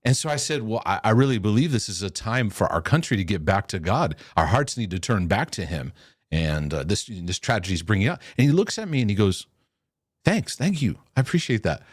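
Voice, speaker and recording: A man's voice: lowish voice, fairly quick, dry recording, clean studio sound. A man, a former pastor from the United States, telling a story in casual chat and quoting what people said. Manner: animated storyteller, repeats words, quotes people. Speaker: podcast host, former pastor.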